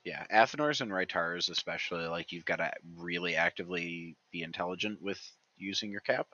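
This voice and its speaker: A man's voice: sits low, brisk, sharp tone. A man explaining game mechanics in a matter-of-fact way during a casual chat. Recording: dull dry lo-fi mic.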